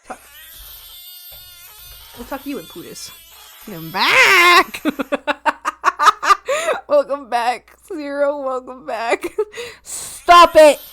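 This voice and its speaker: Giggly high-voiced woman streamer. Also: big pitch swings, very slow, pauses often, pushed and bright. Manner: playful and giggly, teasing chat in mock scolding. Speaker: art streamer. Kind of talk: casual live-stream chat thanking viewers.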